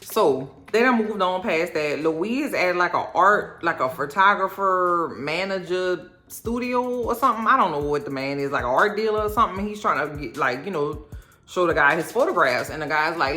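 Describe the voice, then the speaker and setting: A woman with a New Orleans accent gives a sassy, animated recap of a TV episode. Her voice sits low. She talks in an echoey room, with faint music behind her. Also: moderate pace. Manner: sassy, animated storytelling with playful impressions. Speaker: recap vlogger. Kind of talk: casual chatty TV recap.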